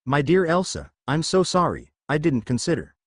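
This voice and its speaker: A wise, wry old wizard headmaster, courteous and measured, as a man reads him. His mid-pitched voice moves freely up and down. The recording is close and dry. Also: big pitch swings, dry recording. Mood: apologetic.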